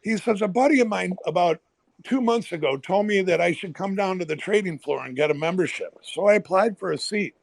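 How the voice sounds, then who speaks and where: A man, a former pit trader, telling animated stories in casual chat and acting out the people in them. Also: sits high, fairly quick, vocal fry, few pauses, no echo. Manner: animated, swearing, acts out quoted people. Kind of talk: casual storytelling. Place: online audio room.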